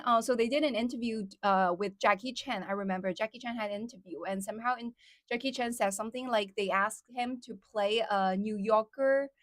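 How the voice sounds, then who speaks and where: A woman's voice: fairly high pitch, a bit bright, no room sound, studio quality. A young woman from China with a Chinese accent, chatting casually on her live stream with many fillers. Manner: chatty, many fillers, reads out viewer comments.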